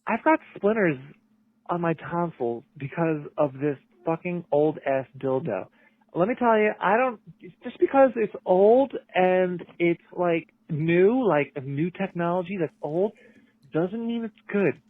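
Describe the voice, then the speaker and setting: A man doing a hoarse, crude woman on a tinny voicemail. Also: high-pitched, animated, measured pace. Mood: brash. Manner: crude and brash. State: hoarse, wheezy. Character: crude, brash woman caller.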